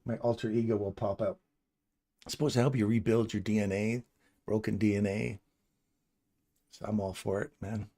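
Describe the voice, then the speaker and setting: A fairly low-voiced middle-aged man from England gives relaxed, loose commentary while trading live. He thinks aloud as he walks through the chart and chats and jokes with his viewers between setups. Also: moderate pace. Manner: chatty and joking with viewers. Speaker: livestream trader and channel host.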